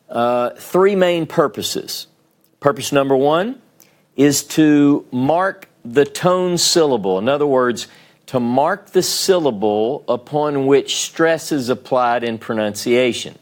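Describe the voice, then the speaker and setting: Southern man, classroom teacher, slow and methodical, checks in often with the class. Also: mid-range voice. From Southern United States. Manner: patient step-by-step explaining, checks in with "okay?" and "right?". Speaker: Hebrew teacher. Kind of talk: classroom lecture.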